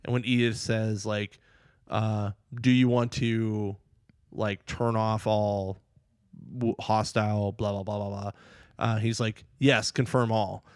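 Smooth-voiced man rambling excitedly. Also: on the low side, slow pace, dry recording, studio quality. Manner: excited, rambling, acts out quotes. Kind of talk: casual chat recapping a movie.

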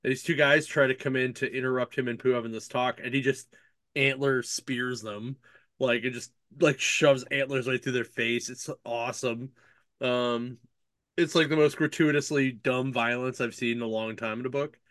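A man's voice: medium pitch, fairly even intonation, moderate pace, fairly bright tone, no echo, clean studio sound. Rambling man recapping a book. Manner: rambling, laughing, heavy on fillers. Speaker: podcast host reviewing books. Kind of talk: casual chat.

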